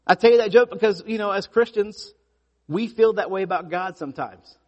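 A pastor preaching a sermon, telling stories with lively emphasis and frequent restarts. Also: male voice, high-pitched, fairly quick, long reverb tail, dull audio. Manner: animated storytelling with repeated restarts.

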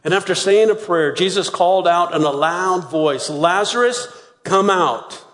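A man preaching a sermon, retelling a story with lively acted-out voices. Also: high voice, normal speed, long reverb tail. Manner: animated storytelling, acting out voices. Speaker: pastor.

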